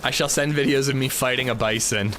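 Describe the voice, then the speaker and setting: Chatty man over loud game sounds. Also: medium pitch, a little fast, background noise. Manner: relaxed, chatty, answers chat questions. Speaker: gaming streamer. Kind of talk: casual livestream chat. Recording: game ambience loud behind voice.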